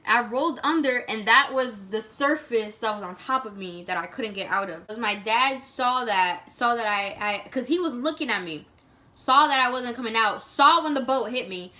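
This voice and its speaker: A woman vlogger telling a story to camera in a casual, animated way, full of "like" and dramatic retelling. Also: fairly high pitch, moderate pace.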